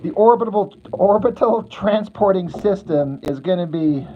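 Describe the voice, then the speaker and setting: A man's voice: high voice, animated, normal speed. A man chatting casually with his livestream viewers while sketching, rambling and poking fun at himself, chuckling at his own jokes. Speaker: livestreaming artist answering chat. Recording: tinny phone-like audio with faint noise.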